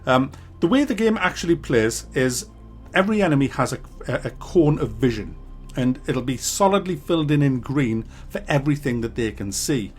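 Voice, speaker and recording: A man's voice: mid-range voice, sing-song, normal speed, soft background music. A man giving a casual video game review, blunt and sweary, ranting as he goes.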